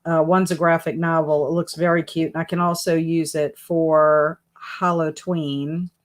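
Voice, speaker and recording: A woman hosts a casual live stream from her home office. Her voice sits a little low, and she talks in a relaxed, chatty way while she answers viewer comments one after another. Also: measured pace. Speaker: booktube live stream host.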